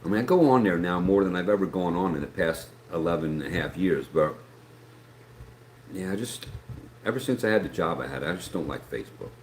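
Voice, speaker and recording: A man's voice: deep voice, lively intonation. A man hosting a livestream, chatting casually and reading viewer comments, rambling with fillers and restarts. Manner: rambling, halting with fillers and repeats. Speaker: livestream host. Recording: echoey room with faint noise.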